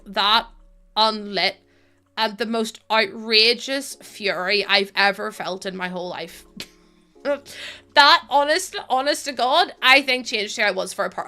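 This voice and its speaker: A woman's voice: medium pitch, measured pace, pushed and bright, faint music behind. A young woman chatting to her stream while playing, ranting animatedly and laughing often. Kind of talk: casual chat while playing a game.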